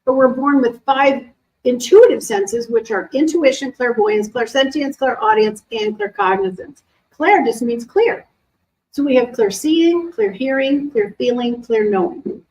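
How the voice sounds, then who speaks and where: A middle-aged woman, an animal communicator, chatting casually to a live audience and answering questions in a lively, animated way. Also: high voice, unhurried, rough recording. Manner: chatty, animated, acts out quoted voices. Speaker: animal communicator and intuition teacher.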